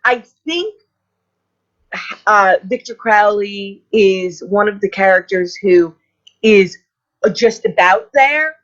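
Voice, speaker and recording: A woman in her fifties, an actress guest telling excited stories in a casual interview. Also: medium pitch, takes it slowly, pauses often. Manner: excited, gushing storyteller. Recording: slightly muffled audio.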